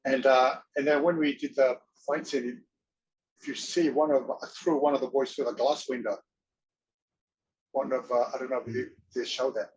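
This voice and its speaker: A man as an interview guest, telling stories in an animated way, often laughing and acting out voices. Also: medium pitch, moderate pace, highs cut off, slight background noise. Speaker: interview guest, wrestler and actor. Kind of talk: casual storytelling.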